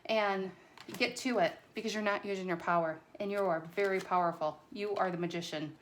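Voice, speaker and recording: Woman, tarot reader, casual to camera, excitable, chatty, a bit nervous, trips over words, mid pitch. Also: brisk, slight background noise.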